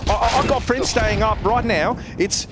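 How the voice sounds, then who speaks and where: A man's voice: sits high, normal speed, background noise. A man with a British accent casting a live esports match, joking and bantering with his co-casters. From United Kingdom.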